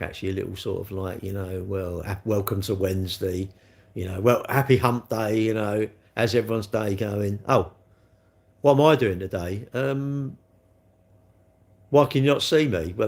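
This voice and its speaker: A middle-aged man rambling cheekily on a live stream, answering chat comments as he goes. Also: on the low side. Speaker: livestream host.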